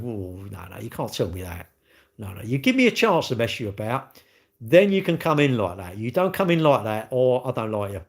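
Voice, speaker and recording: A British man in his fifties, a used car dealer, rambling bluntly and swearing in a casual live-stream chat. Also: fairly low pitch.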